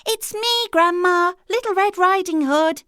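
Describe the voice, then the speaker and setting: A woman voicing a sweet, innocent young girl with a high, piping, earnest voice, in a children's storybook reading. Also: unhurried, bright, forceful tone, no room sound, clean studio sound, exaggerated voice. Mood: wondering.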